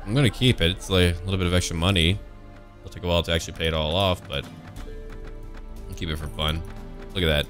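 Joking around as he plays a video game, this man delivers let's-play commentary at a fast clip, broken by long pauses, in a fairly bright voice. He slips into mock-pompous, old-fashioned phrasing, jumps to high silly exclamations and yelps with laughter over faint background music.

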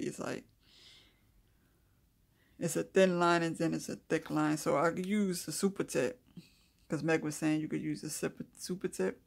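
Eine gravelly, slightly rough voice leads a relaxed calligraphy lesson. The host reads from notes, then drifts into loose, chatty asides and quiet mumbling while drawing letters. The delivery stays unhurried and homespun throughout. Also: medium pitch. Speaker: craft video host. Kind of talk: casual calligraphy tutorial.

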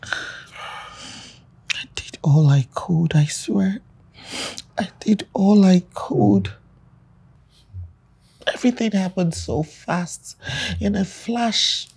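Mom who lost her kid, high voice, cursing, slow and swooping, music under it. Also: animated, breathy edge, full character voice. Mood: pleading. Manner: wailing, cursing, shouting. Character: grieving young mother, furious and bitter. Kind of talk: film drama acting.

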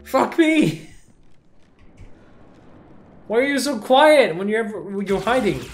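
A man's voice: high-pitched, animated, brisk, a little hiss or hum. A young man commentating his first playthrough of a shooter game, jumpy and swearing often, yelping when startled. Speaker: gameplay streamer.

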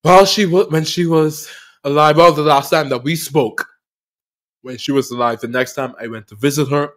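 A man hosting a podcast, telling a personal story of loss in an emotional, halting way, often repeating phrases, with earnest faith. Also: on the high side, fairly even intonation, fairly bright tone. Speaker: podcast host.

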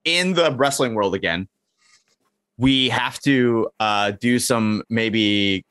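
A man's voice: medium pitch, takes it slowly, fairly bright tone, no room sound. A man co-hosting a casual comedy podcast, rambling through silly scenarios with lots of fillers and acting out quoted lines. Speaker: podcast co-host.

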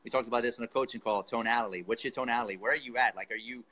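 A man's voice: medium pitch, rapid-fire, pushed and bright, breathy edge, low-quality recording. A man coaching a student in a casual interview, enthusiastic and encouraging, full of slangy praise. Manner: enthusiastic, encouraging, says dude and man a lot. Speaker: real estate coach.

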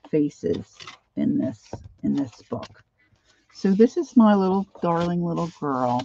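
A woman's voice: fairly low pitch, vocal fry, dark tone, muffled recording. A woman with a Philadelphia accent, chatting in a rambling, friendly way as she wraps up an art journaling livestream. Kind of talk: casual chat.

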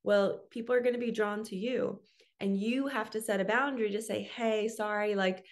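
A woman's voice: a little high, steady tone, fairly quick. A middle-aged woman speaking as a spiritual coach in a casual, earnest talk to camera. She chats freely and keeps adding "okay?" and "right?". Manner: earnest, chatty, often adds "okay?" and "right?".

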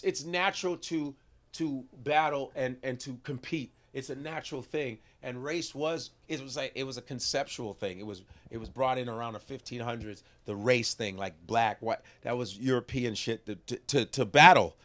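A man, a comedian, chatting casually in an interview, profane and animated. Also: medium pitch, moderate pace. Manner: profane, animated, slips into impressions.

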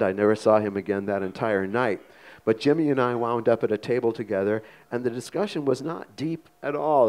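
A man's voice: lowish voice, clear, resonant tone. Older man telling a comic story. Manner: animated, comic, acts out the voices. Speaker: guest storyteller. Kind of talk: live anecdote on stage. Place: small museum theater before an audience.

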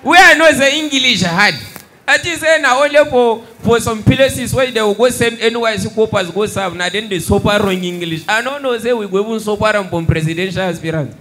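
Nigerian accent, young man, stand-up comedian, high voice, bright tone, faint background noise. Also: a little fast, few pauses. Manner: animated, shouting punchlines. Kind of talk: stand-up comedy in Pidgin English.

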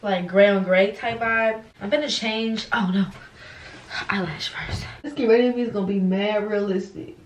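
A woman's voice: mid-range voice, fairly even intonation, normal speed. A young woman talks to her viewers in a get-ready-with-me vlog. She is casual, frank and profane, poking fun at herself. She is recorded at home on a phone or camera mic with a faint hiss behind her. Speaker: vlogger.

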